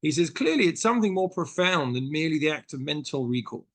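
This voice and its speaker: A man's voice: on the high side, sing-song, quick pace, few pauses, a bit bright. A British man teaching a text study class as a rabbi, reading passages aloud and explaining them through stories in an earnest, explanatory way. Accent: British English. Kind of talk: text study lesson with storytelling.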